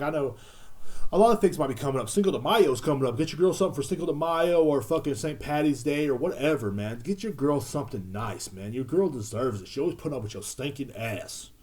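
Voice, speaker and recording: A man's voice: mid-range voice, darkish tone. Laid-back man reading a sponsor spot. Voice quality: laid-back, slangy, profane. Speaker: podcast host. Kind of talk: casual sponsor read.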